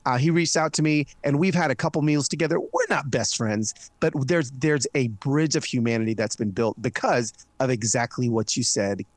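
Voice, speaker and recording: A man as an interview guest, talking in a casual, earnest and animated way with frequent restarts. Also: mid-range voice, moderate pace, hardly any pauses, no echo. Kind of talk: casual conversational storytelling. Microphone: studio mic.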